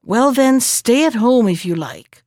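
A woman voicing a cunning, scheming male jester in a storybook reading, lifting her pitch and tone for his lines. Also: animated, a little slow, darkish tone, no echo, clean studio sound.

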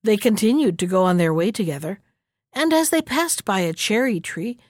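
A woman narrating a fairy tale in a lively, expressive storybook manner. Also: mid-range voice, normal speed, no echo, studio quality.

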